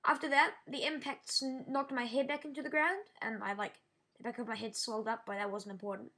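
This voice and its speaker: A woman vlogging a personal story in a halting way, often restarting her sentences and sounding shaken. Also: a little high, fairly even intonation, bright, forceful tone. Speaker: YouTuber. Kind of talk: casual storytelling vlog.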